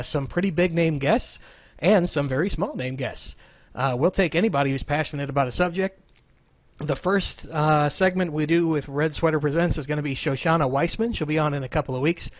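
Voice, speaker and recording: A man's voice: fairly high pitch, no echo. A man hosting his podcast in a casual, joking, rambling, self-deprecating chat with a remote co-host. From Southern Illinois. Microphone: remote call setup.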